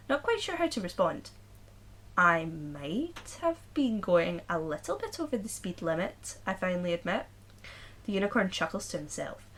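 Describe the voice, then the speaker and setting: A woman's voice: on the low side, fairly bright tone, a little hiss or hum. Woman reading a story aloud, chatty. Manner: reads aloud then breaks off joking and laughing. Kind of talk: casual chat with story reading.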